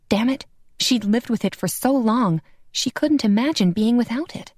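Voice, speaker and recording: A woman narrating a romance audiobook in an expressive, scripted style. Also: mid-range voice, normal speed, dry recording, clean studio sound. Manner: expressive, voices every character.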